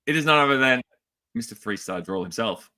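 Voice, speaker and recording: A fast-talking Australian man with a mid-range voice co-hosts a casual toy livestream, lively and jokey, rattling off greetings to people in the chat one after another.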